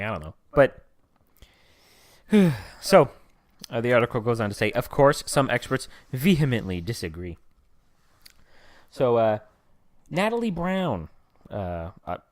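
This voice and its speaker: Podcast guy riffing, dry close mic, bouncy up and down voice, lots of um and like. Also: no room sound. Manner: jokey, lots of fillers, breaks into silly high voices. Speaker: podcast co-host. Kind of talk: casual chat.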